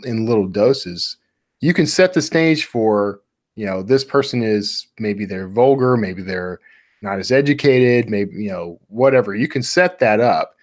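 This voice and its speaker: A man, an author guest, explaining his writing methods in a relaxed casual chat with lots of fillers. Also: fairly low pitch, no room sound, studio quality.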